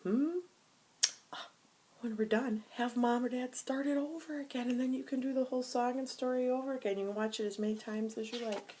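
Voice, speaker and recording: A woman teacher reading a picture book aloud to young children, slow and exaggerated, with gasps and soft whispered asides. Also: a little high.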